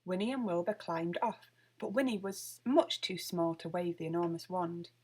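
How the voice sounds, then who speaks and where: A woman reading a children's picture book aloud with lively, expressive storytelling. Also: lowish voice, moderate pace, breathy edge. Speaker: storybook reader.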